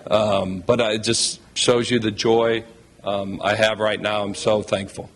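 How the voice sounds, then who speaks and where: A man's voice: on the low side, flat delivery, measured pace, slight background noise. A man speaking as a new head basketball coach at a press conference, heartfelt, emotional and thankful.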